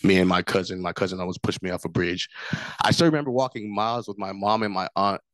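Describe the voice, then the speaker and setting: A man from Africa speaks in a low voice, earnest and steady, looping back to the same memories again and again. The sound is dry and close, with no room around it. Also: fast talker, dry recording. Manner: earnest, repetitive storytelling. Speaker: forum speaker. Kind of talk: personal testimony.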